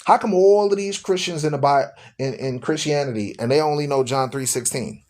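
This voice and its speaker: A man's voice: fairly high pitch, fairly quick, darkish tone. A man hosting a live-streamed religious talk show, speaking to his listeners in a preachy, repetitive way. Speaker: radio show host.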